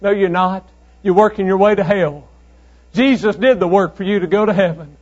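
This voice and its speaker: A man preaching a fiery sermon, commanding and impassioned, swinging between loud declarations and low tones. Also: moderate pace, highs cut off.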